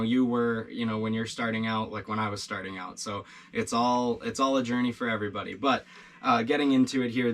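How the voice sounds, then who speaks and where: A man teaching beginner guitar licks in a casual video lesson, relaxed and encouraging, with plenty of fillers and restarts. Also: medium pitch.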